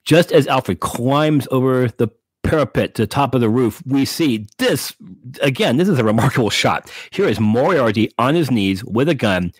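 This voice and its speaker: A man chatting on a podcast about an old comic book, animated and quick to slip into character voices. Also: medium pitch, husky, dry recording. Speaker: podcast co-host. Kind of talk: casual comic book discussion.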